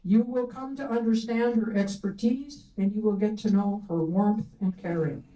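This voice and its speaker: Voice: mid-range voice, moderate pace, muffled recording. Formal host introducing a speaker, in a roomy hall. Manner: warm, formal praise.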